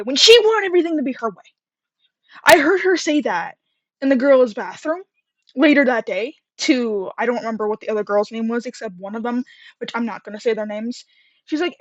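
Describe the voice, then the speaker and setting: A young woman chats through a story time, rambling and filling pauses freely. She is a little out of breath and pitched slightly high. The recording is dull and dry, with a close, muffled sound. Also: dry recording. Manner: chatty, rambling, many fillers and laughs.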